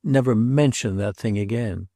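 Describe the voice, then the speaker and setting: A man's voice: fairly low pitch, moderate pace, no echo, clean studio sound, natural voice. A man voicing an impulsive, bitter young male sculptor in a read novel, speaking curtly and defiantly. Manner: sharp, defiant, curt.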